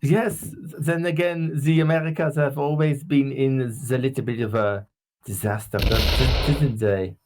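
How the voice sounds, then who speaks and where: A British man banters his way through a board game with a friend, unhurried and joking. The recording carries a clear hiss of background noise under his voice. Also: mid-range voice, steady tone. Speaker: guest player. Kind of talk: casual gameplay banter.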